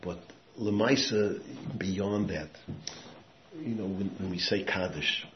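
A man with a very low voice delivers a sermon built around stories, sinking to a hush and then surging into loud, emphatic bursts. He mixes Yiddish and Hebrew words into his talk. The recording is echoey and muffled, with a faint hiss behind it. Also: slow. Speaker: rabbi giving a talk. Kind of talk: sermon with storytelling. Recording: echoey room, muffled sound, faint background noise.

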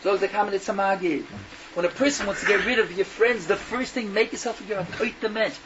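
An older man tells a folk tale in a high voice, sprinkling in Yiddish phrases and restarting mid-sentence. He jumps between characters with lively energy. The recording is dull and lo-fi with faint hiss underneath. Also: fast talker, far from the mic. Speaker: storyteller.

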